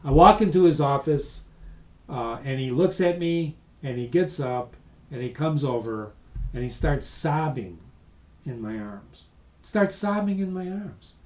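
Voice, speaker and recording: A man presenting a webinar as a lively, emphatic storyteller who speaks straight to his audience. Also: fairly high pitch, measured pace, roomy sound. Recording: voice distant from the mic.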